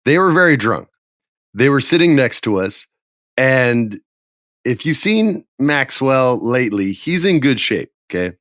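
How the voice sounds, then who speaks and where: A man spins a casual anecdote and acts out the voices of the people in it. His pitch sits in the middle range. The sound is dry and close, with no room in it. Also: a little slow, dry recording. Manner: animated, acts out quoted voices. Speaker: podcast guest telling a story. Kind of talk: casual storytelling.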